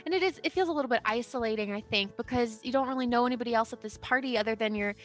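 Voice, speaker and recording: A woman's voice: fairly high pitch, rapid-fire. A woman narrating a tabletop game as game master, with many fillers and giggles.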